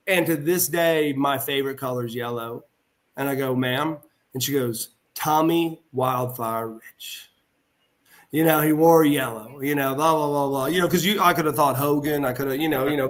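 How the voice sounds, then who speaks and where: A middle-aged man, a former pro wrestler, telling a story as a guest over a remote video call and acting out the voices of the people he quotes. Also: mid-range voice. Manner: animated, acts out quoted voices. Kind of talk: casual anecdote storytelling.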